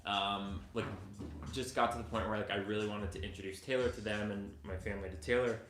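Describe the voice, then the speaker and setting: Young guy vlogging, kinda low voice, stops and restarts his story a lot, roomy echo. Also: steady tone, a bit bright, a little hiss or hum. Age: 20s. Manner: halting, self-interrupting storyteller. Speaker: vlogger, co-host. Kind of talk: casual storytelling chat. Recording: echoey room.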